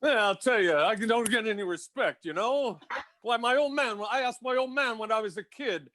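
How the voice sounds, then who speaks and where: A man's voice: extremely high pitch, bright, forceful tone, dry recording, clean studio sound. A man doing a whiny, griping old comic. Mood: self-pitying. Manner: rapid one-liners, self-pitying complaints. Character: impression of a famous self-pitying stand-up comic, older man. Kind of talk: comedy impression.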